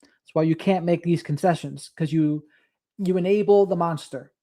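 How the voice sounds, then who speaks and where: Blunt, lower-voiced woman commentator. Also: normal speed, warm tone. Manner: blunt, scolding. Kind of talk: casual commentary.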